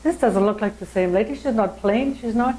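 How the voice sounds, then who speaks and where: A woman's voice: medium pitch, fairly quick, mellow, natural voice, poor audio. A woman voicing a curious, eager male traveler who is surprised and chatty.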